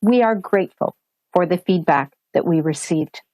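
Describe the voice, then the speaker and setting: A woman with a Canadian accent reading a prepared statement as a government official at a press briefing, in a formal, measured way. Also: fairly low pitch, dark tone, dry recording, poor audio. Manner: formal, measured delivery, switching between English and French.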